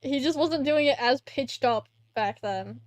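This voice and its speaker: A woman with a fairly high voice teases her friends on a stream and giggles between lines. The sound is close and dry. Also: unhurried, dry recording. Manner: teasing, giggly. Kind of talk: casual chat while streaming.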